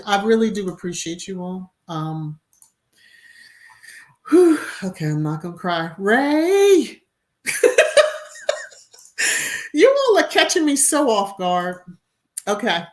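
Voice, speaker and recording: A middle-aged woman chats her way through a live stream, reading out viewer comments. Her voice sits low and her pace is slow and easy. She laughs readily and keeps breaking into short sung bits. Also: very animated. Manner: chatty, laughs often, bursts into little sung phrases. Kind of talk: casual live-stream chat.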